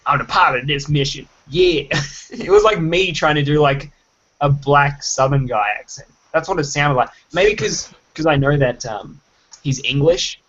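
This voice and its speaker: A man co-hosting a casual film chat, blunt and opinionated, with quick asides. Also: medium pitch, fairly bright tone. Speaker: podcast co-host. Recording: dull lo-fi recording.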